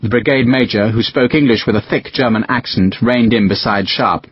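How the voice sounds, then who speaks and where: A man narrating a war novel as a scripted audiobook reading, with expressive storytelling. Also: moderate pace, hardly any pauses, slightly rough, dry recording. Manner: expressive storytelling with varied pitch. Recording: dull, dry audiobook recording.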